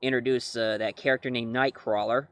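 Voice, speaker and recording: A man chats to camera about comics and films, rambling and restarting his sentences. His voice sits at a middle pitch for a man. The sound is close and dry. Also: fairly even intonation, brisk, fairly bright tone, dry recording. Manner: rambling, self-correcting, chuckling. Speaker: comics and film reviewer. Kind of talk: casual talk-to-camera review.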